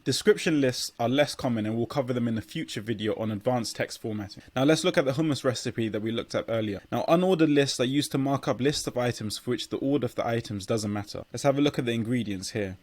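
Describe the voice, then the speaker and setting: A man at a middle pitch gives a coding tutorial, recorded close and dry with no room sound. He explains step by step and sometimes restarts a phrase while typing. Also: fast, few pauses, darkish tone, no room sound.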